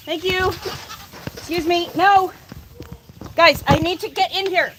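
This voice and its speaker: A woman's voice: very high voice, unhurried, long pauses, background noise. A woman farmer in a goat pen, scolding and coaxing her goats in an exasperated but affectionate way. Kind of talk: casual farm vlog. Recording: loud bleating goats in background. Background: goats and sheep bleating.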